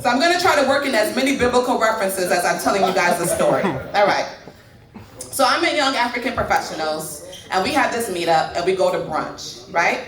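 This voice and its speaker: A woman's voice: mid-range voice, expressive, brisk, crowd noise. A woman in her thirties doing a stand-up set, chatting and teasing the audience. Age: 30s. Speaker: stand-up comedian. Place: comedy club stage. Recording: echoey club from far mic.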